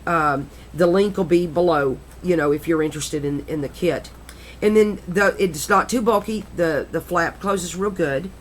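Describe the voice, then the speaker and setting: A woman's voice: lowish voice, moderate pace, slight background noise. A middle-aged woman chatting casually and rambling a little as she flips through a handmade craft journal, often correcting herself. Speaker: crafter showing her journal.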